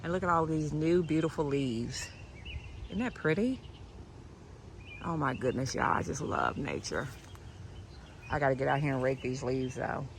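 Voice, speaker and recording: A woman, vlogging casually outdoors in her yard and chatting to her viewers, often dropping to a soft hush. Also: deep voice, expressive, moderate pace, pauses often, slight background noise, rough recording. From United States. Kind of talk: casual chat to camera.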